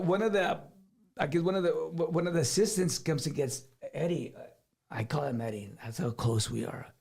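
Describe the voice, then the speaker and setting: High, animated man. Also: creaky. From South Texas. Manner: animated, laughing, repeats words. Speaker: guest musician. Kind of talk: casual storytelling.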